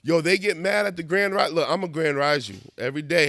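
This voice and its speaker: Man, conversational monologue host, lively pitch, dry booth-like sound. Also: fairly quick, no room sound. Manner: animated, conversational, laughs at himself, slangy asides. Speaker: video essayist. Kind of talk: casual monologue.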